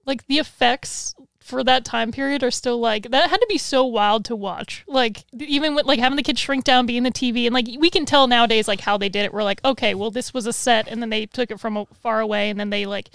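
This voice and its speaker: A woman co-hosting a podcast in casual chat, animated and laughing, swearing freely. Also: on the high side, a little fast, creaky, clear, resonant tone, no echo. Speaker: podcast co-host.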